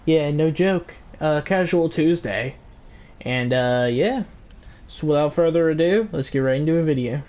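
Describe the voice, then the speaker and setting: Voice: medium pitch, unhurried, darkish tone, highs cut off. A storyteller telling a story in a casual, rambling way, swearing and full of fillers.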